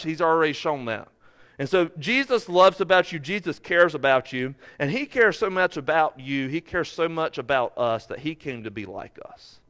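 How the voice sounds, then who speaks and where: A man's voice: on the high side, fairly bright tone. A male pastor preaching a sermon, earnest and building to emphatic, repeated phrases.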